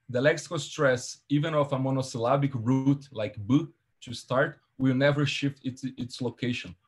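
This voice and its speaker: Hesitant man explaining a seminar point. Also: medium pitch. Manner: careful, explanatory, with frequent hesitations. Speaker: seminar co-presenter. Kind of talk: academic seminar presentation.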